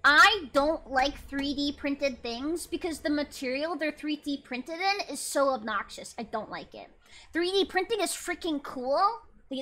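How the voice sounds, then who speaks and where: Excitable young woman streamer, very high and bright voice, lively casual reaction chatter. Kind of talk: casual chat.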